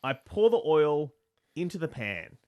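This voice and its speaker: A man's voice: on the high side, big pitch swings, a little slow, highs cut off. A young Australian man co-hosting a podcast, telling a rambling, self-mocking story in casual comedic chat. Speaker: podcast co-host.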